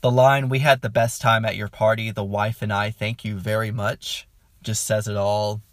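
A man talks through an album review in a casual, excited ramble, filling pauses with "um" and chuckling as he goes. His voice sits a little low. The sound is dry, with no room echo. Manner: enthusiastic, rambling, lots of "um"; chuckles mid-sentence. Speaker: music reviewer.

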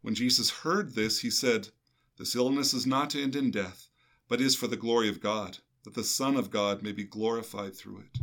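Older priest reading and reflecting. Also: male voice, on the low side, steady tone, normal speed, a bit bright. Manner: earnest, meditative, with some restarts. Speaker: priest and podcast co-host. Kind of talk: gospel reading and reflective chat.

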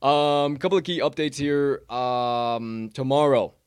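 A man's voice: medium pitch, steady tone, slow pace, clean tone, dry recording, clean studio sound. A man hosting a sports betting podcast, telling rambling stories in casual, profanity-laced chat. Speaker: podcast host.

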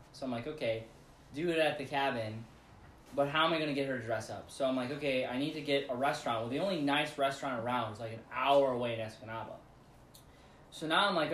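A man's voice: medium pitch, a little hiss or hum. Chatty man narrating an anecdote; rambling, laughs through it, echoey room. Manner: rambling, animated retelling with laughs. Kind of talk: casual storytelling chat.

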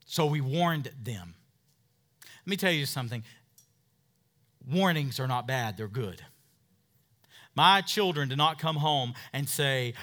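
A man's voice: medium pitch, pushed and bright. A middle-aged male pastor preaching an emphatic sermon, calling for amens from the congregation. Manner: emphatic preaching with call-and-response.

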